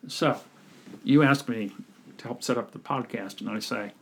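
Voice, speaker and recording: A man's voice: medium pitch, normal speed, gravelly, husky. A man on a podcast, a communication coach telling stories in a casual chat and acting out the people he quotes. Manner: animated storyteller, acts out quoted people.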